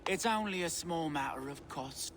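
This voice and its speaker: An actor playing a sly, charming male swindler in a video game, smooth-talking and mocking. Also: on the high side, lively intonation, moderate pace, fairly bright tone, slight background noise.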